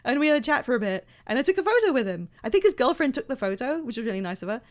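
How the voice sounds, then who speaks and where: A woman's voice: fairly high pitch, sing-song, racing. A young British woman chatting casually and rambling as she streams a game. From Britain. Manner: chatty, rambling, self-interrupting. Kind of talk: casual live-stream chat.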